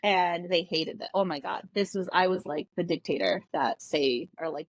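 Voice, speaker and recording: A guest on a podcast, a woman in her thirties, speaks at normal speed in a voice on the low side, recorded dry. Casual and blunt, she's candid throughout and slips into her kids' voices to quote them.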